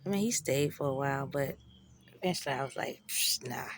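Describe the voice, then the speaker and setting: A woman's voice: rumbling low, fast talker, slight background noise. A woman telling a personal story in a raw, profane, emotional way, with slangy, conversational speech.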